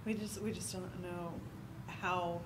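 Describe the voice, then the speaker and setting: A woman's voice: fairly low pitch, fairly even intonation, takes it slowly, noisy background. A woman at a church round table, reflecting in a casual, affirming way. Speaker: church member. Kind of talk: casual discussion.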